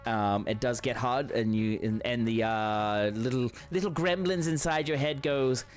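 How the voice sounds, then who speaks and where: A man's voice: medium pitch, unhurried, few pauses, faint music behind. Chatty, encouraging male game streamer. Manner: friendly, encouraging, rambling with many fillers. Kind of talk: casual live-stream chat while playing.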